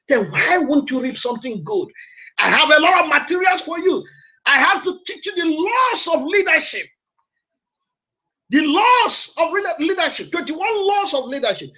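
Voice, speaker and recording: A man's voice: very high voice, bright, forceful tone, muffled recording. A man hosting a radio show, preaching motivation in an emphatic, repetitive, exhorting way. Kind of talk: preaching broadcast.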